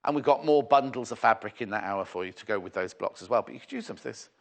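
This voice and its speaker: A man's voice: medium pitch, animated, fast talker, gravelly. A man presenting fabric on a live shopping channel, chatty and bubbly with rambling asides and a slightly sore throat. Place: TV studio.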